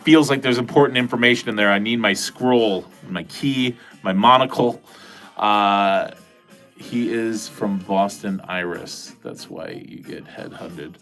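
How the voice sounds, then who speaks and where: A man's voice: lowish voice, measured pace, gravelly, a bit bright. Rambling, profane livestream host man. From New England. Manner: rambling, profane, jokey, talks to chat. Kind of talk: casual livestream chat. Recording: faint music behind.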